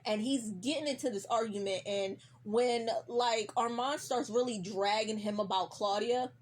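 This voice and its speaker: A woman's voice: on the high side, normal speed, slight background noise. A woman recapping a TV episode in casual, profane chat, acting out the characters' lines as she goes. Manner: animated, acts out characters' lines mid-story.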